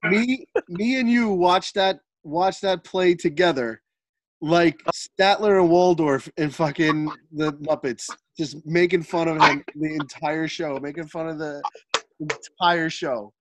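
A man's voice: fairly high pitch, unhurried, no room sound, low-quality recording. A man in casual chat, wry and ready to wrap things up. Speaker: podcast co-host.

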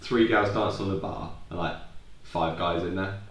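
A deep, steady voice at a normal speed belongs to a young man co-hosting a podcast in an echoey room. He keeps things casual, drifting through tangents and swearing a lot.

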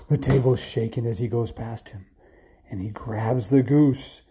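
A man reading a bedtime story aloud, animated and dropping to whispers for suspense. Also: medium pitch, measured pace.

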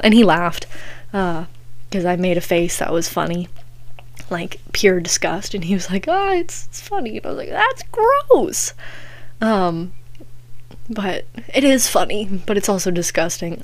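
A woman's voice: lowish voice, steady tone, moderate pace. A young woman hosts a podcast, telling stories in a giggly, chatty way full of "like". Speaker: podcast host. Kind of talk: casual chat.

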